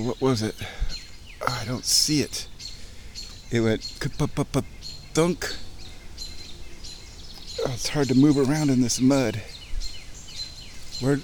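A man giving casual running commentary to himself while wading through a muddy creek outdoors, chatty, with sudden excited bursts. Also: medium pitch, slight background noise. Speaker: outdoor vlogger. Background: birds chirping.

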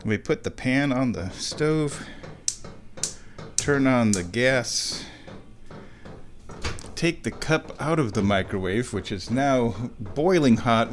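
A man's voice: medium pitch, a little hiss or hum. A man vlogging at home, narrating his chores step by step in a casual running commentary. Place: home, kitchen then downstairs.

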